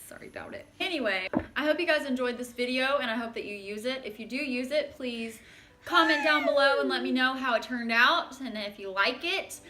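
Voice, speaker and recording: With a high, sharp voice and a fairly quick pace, a young home baker talks casually through her kitchen vlog, with a little hiss or hum on the audio. Playful and self-deprecating, she trips over her words while faint music runs underneath.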